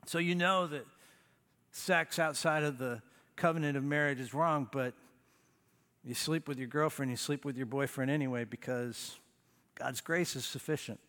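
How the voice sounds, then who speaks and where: A man preaching a sermon as a pastor, emphatic, with dramatic pauses and sudden drops to a low, quiet voice. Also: steady tone, long reverb tail.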